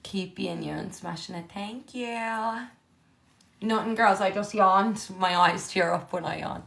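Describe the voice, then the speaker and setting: A young woman chatting casually on a live stream from her living room, reading and answering viewer comments, candid and quick to swear. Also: lowish voice, vocal fry, fairly bright tone, a little hiss or hum.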